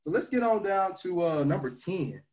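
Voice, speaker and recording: A man leading a motivational livestream talk on leadership, energetic and slangy, swinging between loud pushes and quieter asides. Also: high-pitched, normal speed, poor audio. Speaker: team leader teaching leadership.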